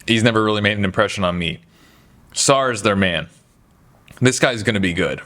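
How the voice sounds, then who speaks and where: A man giving casual, opinionated basketball talk, chatty and animated, slipping into mocking voices for quotes. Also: fairly low pitch, normal speed. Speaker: basketball commentary host.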